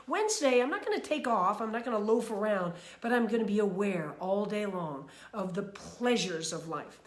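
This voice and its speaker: A woman from New York giving a casual motivational talk about her weekly mantras, chatty and animated, with many fillers and restarts. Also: mid-range voice, normal speed, roomy sound. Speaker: speaker sharing personal mantras.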